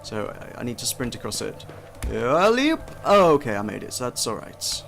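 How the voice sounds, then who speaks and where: A man's voice: mid-range voice, big pitch swings, moderate pace, creaky, a bit bright, faint music behind. A young man giving casual, chatty first impressions of a game, self-deprecating and often restarting his sentences. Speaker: game reviewer. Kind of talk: casual gameplay commentary.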